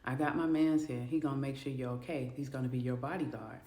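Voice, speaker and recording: A woman voicing a smooth-talking, controlling man who turns captor, speaking low, calm and slangy. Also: quick pace. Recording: echoey room.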